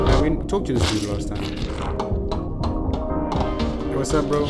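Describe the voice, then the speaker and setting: Casting: man, gaming YouTuber, playful and jokey, mid-pitched, over loud game music. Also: normal speed, long pauses. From South Africa. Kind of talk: let's play commentary.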